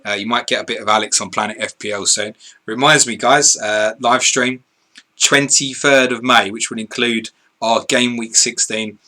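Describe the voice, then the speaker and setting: A man's voice: mid-range voice, steady tone, normal speed, bright, forceful tone. A man, co-hosting a live stream, reading viewer questions and answering in blunt, sweary, casual chat. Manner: blunt, sweary, laughs easily.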